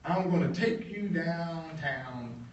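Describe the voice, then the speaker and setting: A man voicing a boastful, mocking male plantation boss who talks loud and bossy, in a roomy hall. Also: on the high side, expressive, slow pace, recorded from a distance, muffled recording, pitched above the performer's own voice. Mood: loud jeering. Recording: roomy hall, heard from afar.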